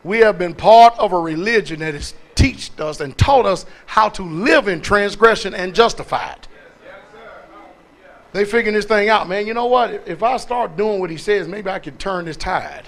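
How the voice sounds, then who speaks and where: A man's voice: sits high, normal speed. A man preaching from the pulpit. He throws questions at the congregation and hammers single words again and again. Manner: call-and-response, repeating words for emphasis. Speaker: pastor. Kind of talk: preaching sermon.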